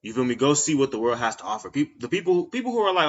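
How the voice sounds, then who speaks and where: A man from Texas hosting a podcast, telling stories in a slangy, animated casual monologue. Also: medium pitch, quick pace, few pauses, muffled recording. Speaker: podcast host.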